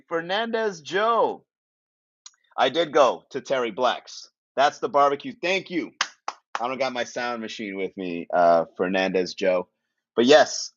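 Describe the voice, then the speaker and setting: A man's voice: on the high side, no room sound, lo-fi sound. A man from Miami hosting a casual comedy livestream, joking and chatting with viewers, laughing at his own jokes. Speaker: comedy podcast host.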